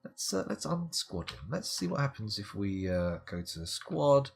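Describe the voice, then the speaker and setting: A man's voice: on the low side, big pitch swings, measured pace, gravelly, breathy edge. A man streaming live game commentary, with wry, rambling, self-mocking asides.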